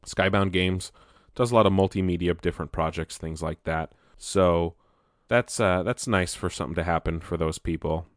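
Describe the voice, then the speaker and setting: A young man with a deep, low voice talks casually through gaming news. He rambles, stumbling and restarting his sentences. The sound is dry and close, with no room around it. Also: no room sound. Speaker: gaming video host.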